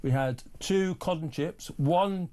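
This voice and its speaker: A man with a mixed British accent, a studio guest giving his views in a measured, firm way. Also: a little high, warm tone. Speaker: studio guest, political commentator. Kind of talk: conversational studio talk. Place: broadcast studio.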